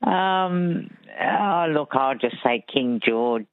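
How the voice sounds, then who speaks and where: A woman's voice: sits low, expressive, slow pace, no room sound. A woman calling into a radio quiz, modest and friendly, laughing easily. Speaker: radio caller. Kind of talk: casual phone-in chat. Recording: tinny phone line.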